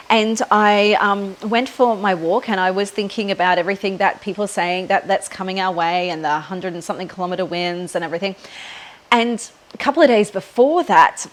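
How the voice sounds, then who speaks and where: An Australian woman in her thirties, talking casually into a handheld camera outdoors by the water, rambling with many ums and likes. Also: medium pitch. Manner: rambling, frequent ums and likes, laughs often. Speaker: podcast host. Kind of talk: casual spiritual chat to camera. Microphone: handheld phone camera.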